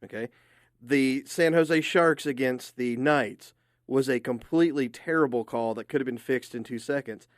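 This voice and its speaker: A man's voice: mid-range voice, normal speed, no room sound, studio quality. A man co-hosting a sports radio show, giving his opinions emphatically. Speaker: radio co-host.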